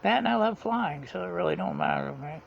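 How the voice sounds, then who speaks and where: A man's voice: high-pitched, lively intonation, fast talker, vocal fry. A man, telling a rambling story in a casual vlog, chuckling often and retelling conversations. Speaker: vlogger. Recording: dull lo-fi sound, faint background hiss.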